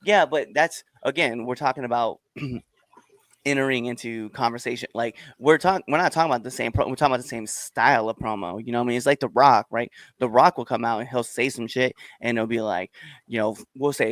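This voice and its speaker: A man's voice: mid-range voice, lively intonation, a little fast, no room sound. A man hosting a wrestling podcast, chatting casually and animatedly, rambling with lots of "bro" and "hundred percent". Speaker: podcast host.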